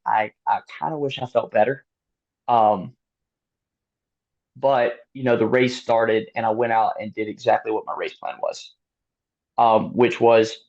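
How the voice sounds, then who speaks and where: A man being interviewed, telling a race story in a casual, animated way, laughing often and using lots of fillers. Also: medium pitch. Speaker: guest athlete. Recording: dull lo-fi sound.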